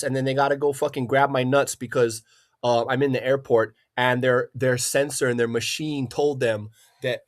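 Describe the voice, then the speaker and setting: A man's voice: mid-range voice, brisk. A man hosting a livestream, ranting in an agitated, profane way and often repeating himself. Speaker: livestream host. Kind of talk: angry livestream rant.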